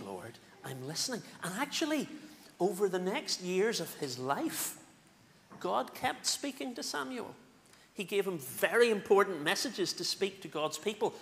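A male minister with a Northern Irish accent, giving an animated, playful children's talk in a church service. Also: a little high. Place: church sanctuary. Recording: echoey church with faint room noise.

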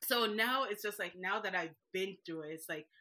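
A woman in her thirties from Jamaica, a business owner talking as a guest in a casual interview, lively and laughing often. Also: medium pitch, moderate pace.

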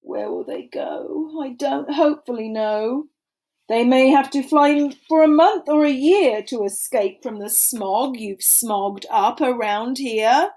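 A woman doing a croaky scolding old forest creature. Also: sits high, darkish tone, poor audio. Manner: croaking, coughing, slow and scolding. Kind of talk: storybook read-aloud.

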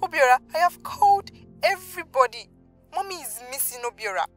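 A worried young woman insists her mother is missing in a film drama. Her voice is high, bright and tense. Faint music runs behind her. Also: lively intonation, brisk. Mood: anxious. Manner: anxious, insistent.

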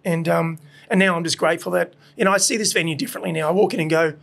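A quick-talking man with a high, gravelly voice. He chats frankly about his restaurant and swears often. He rambles loosely and piles up fillers. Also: steady tone, fairly bright tone. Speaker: restaurant owner, guest. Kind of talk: candid casual chat.

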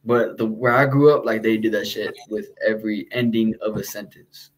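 A man's voice: fairly low pitch, fairly even intonation, normal speed, rough recording. A man hosting a casual chat with a light Texan accent, talking in a laid-back, slangy way and swearing freely. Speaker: podcast host.

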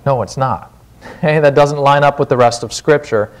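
A man's voice: medium pitch, normal speed. A man with a Wisconsin accent preaching a sermon in a church, casual and conversational, often asking "right?". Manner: conversational, frequent "right?" check-ins. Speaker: pastor.

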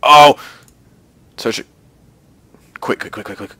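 A young man giving tense live commentary on a shooter game, dropping to whispers and breaking into panicked yells. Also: fairly low pitch, animated, brisk, no echo. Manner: jumpy, swings from whispers to panicked yelling. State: out of breath. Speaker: gaming commentator.

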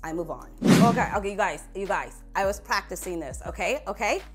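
A woman's voice: mid-range voice, lively intonation, brisk, soft background music. A woman vlogger chatting casually to camera, sassy and playful, laughing at herself as she talks. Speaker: beauty vlogger.

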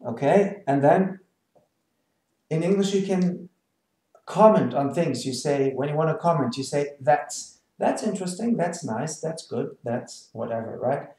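A man with a German accent gives an online German lesson at a slow, patient pace, repeating each phrase. His voice is a little higher than most men's but mellow and dark. The room is echoey. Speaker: German teacher.

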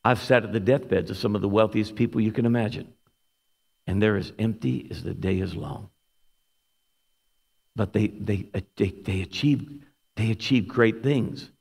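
Gravelly preacher man in echoing hall. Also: lowish voice, normal speed. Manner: animated storyteller, shouts when acting out quotes. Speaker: guest preacher. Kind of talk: sermon with storytelling. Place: church sanctuary. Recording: long hall reverb.

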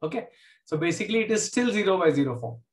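High-voiced man lecturing in an echoey room. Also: animated, quick pace. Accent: Indian English. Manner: explains step by step, repeats key points. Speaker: math teacher. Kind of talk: classroom lecture.

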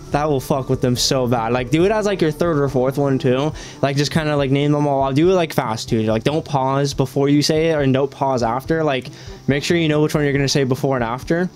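A man's voice: medium pitch, a little mellow. A man hosting a reaction video, rambling in casual commentary, swearing often and filling his talk with "like".

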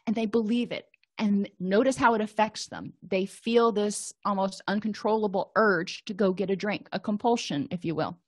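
A middle-aged woman counselor giving a calm, explanatory lecture and walking listeners through exercises. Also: mid-range voice, no echo, clean studio sound. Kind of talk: recorded lecture.

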